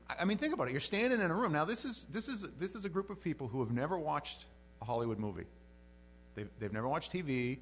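Animated, conversational male preacher. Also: mid-range voice, fast, breathy edge. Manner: conversational and animated, frequent restarts. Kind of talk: sermon.

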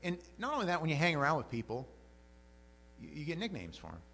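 Animated male pastor preaching. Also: on the high side, fast, gravelly. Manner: animated storytelling, acting out voices. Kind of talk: sermon. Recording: mains hum.

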